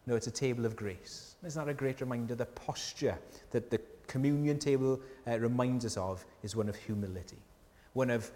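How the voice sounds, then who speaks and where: Male pastor preaching in a church with long hall reverb, conversational and earnest, mid-pitched voice, many rhetorical questions. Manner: earnest and tender, dropping softly at key lines. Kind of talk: sermon.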